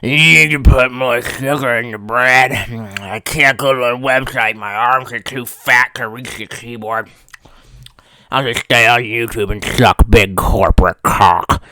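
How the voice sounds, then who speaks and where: A man voicing a mocking caricature of a dim, lazy American, in a gruff sneering tone. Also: mid-range voice, fairly even intonation, unhurried, bright, forceful tone, no echo, pitched below the performer's own voice.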